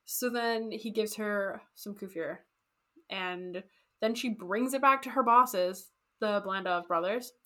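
A woman casually telling a history story on a podcast, animated and jokey, acting out quotes. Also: medium pitch, slow. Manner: animated, jokey, acts out quotes in goofy voices. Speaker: podcast co-host.

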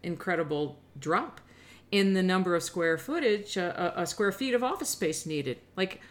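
A woman's voice: fairly low pitch, moderate pace. Emphatic middle-aged woman commentator. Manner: animated, emphatic, sarcastic asides. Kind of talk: opinionated solo commentary.

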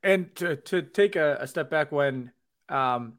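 A man co-hosting a podcast, retelling a scene haltingly and mocking the characters. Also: on the high side, fairly bright tone. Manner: halting, hesitant retelling with mocking put-on voices. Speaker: podcast co-host. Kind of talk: casual chat.

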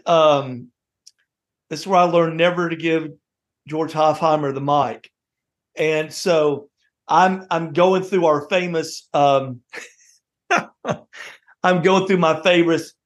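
Man, host, reminiscing chat, animated storyteller, laughs a lot, slightly high voice. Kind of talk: reminiscing conversation.

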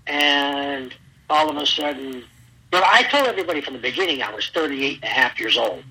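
Animated husky bright-voiced man telling stories. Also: mid-range voice, a little fast, poor audio. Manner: animated storyteller, acts out quotes loudly. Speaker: guest, former pro wrestler. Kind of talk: storytelling interview.

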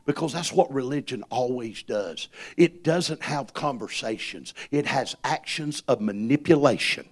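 A man's voice: mid-range voice, expressive, measured pace, hardly any pauses. A man preaching a sermon as pastor, impassioned, calling on the congregation to repeat his words.

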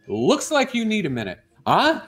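A man's voice: high voice, huge pitch swings, normal speed, a bit bright, slightly rough, faint music behind. A man co-hosting a morning radio show, chatting and teasing his co-host in a casual, laughing way. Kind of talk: casual chat.

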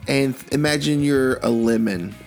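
A man co-hosting a comedy podcast, rambling and halting with lots of restarts. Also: medium pitch, vocal fry, faint music behind. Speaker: co-host. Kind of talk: comedic banter.

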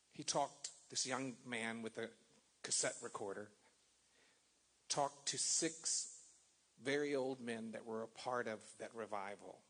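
Male pastor preaching, husky and unhurried, long dramatic pauses, swells then hushes. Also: medium pitch. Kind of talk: sermon with scripture reading.

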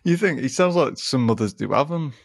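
Speaking in a mid-range voice that's animated and fairly quick, with some vocal fry, a man co-hosts a podcast. He tells a story in relaxed conversation, often laughing and acting out the people in it. The recording is studio quality and echo-free.

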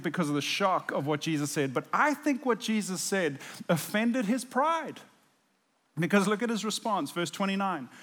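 A high-voiced male pastor delivering a sermon, animated and emphatic, with frequent laughs. His voice carries a long reverb, as in a large hall.

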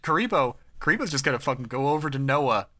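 A man's voice: medium pitch, lively intonation, fast talker, pushed and bright, no room sound, clean studio sound. A man co-hosting a podcast, chatting in a wry, jokey way. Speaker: podcast co-host. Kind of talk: casual chat.

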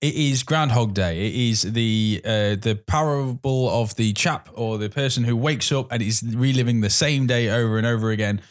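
A man's voice: mid-range voice, normal speed, few pauses. A man hosting a podcast in casual chat. He steers the talk steadily and lays out the movie plots. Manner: steady, guides the episode, reads out plot. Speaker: podcast host.

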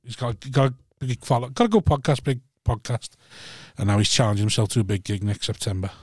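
A man's voice: medium pitch, quick pace, slightly rough, dry recording, studio quality. A male comedian from North West England telling self-mocking stories about gigs, laughing often. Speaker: comedian guest. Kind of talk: casual comedians' chat.

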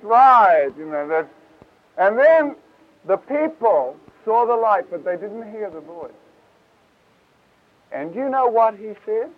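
Man preacher, high voice, animated and folksy; tinny lo-fi tape sound. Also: moderate pace. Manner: lively, casual, acts out scripture voices. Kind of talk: Bible teaching talk.

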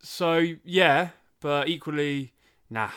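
A man's voice: on the high side, slow pace, a bit bright, smooth. Chatty man retelling a film. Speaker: podcast co-host. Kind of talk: casual film review chat.

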